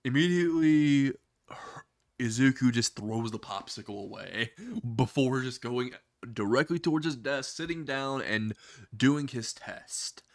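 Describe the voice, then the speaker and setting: A man's voice: medium pitch, a little slow, gravelly, no echo, studio quality. A man casually narrating a crude comedy story, laughing at his own jokes.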